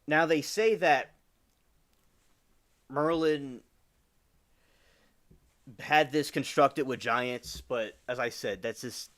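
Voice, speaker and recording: Male livestream host, casual and halting, restarts often, mid-range voice. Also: medium pitch, a bit bright. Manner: halting reading, stumbles over words. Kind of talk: casual stream chat and reading aloud.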